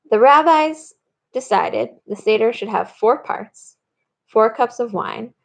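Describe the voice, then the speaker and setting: Woman rabbi teaching a lesson, a bit of vocal fry, explains step by step. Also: medium pitch. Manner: explanatory, reads Hebrew verses aloud. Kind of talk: recorded teaching talk.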